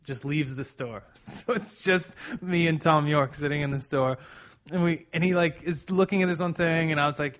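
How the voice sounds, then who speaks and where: A man co-hosting a podcast, telling a long story in a rambling, halting way and swearing freely. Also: on the high side, fairly bright tone, lo-fi sound. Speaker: podcast co-host. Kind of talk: casual storytelling.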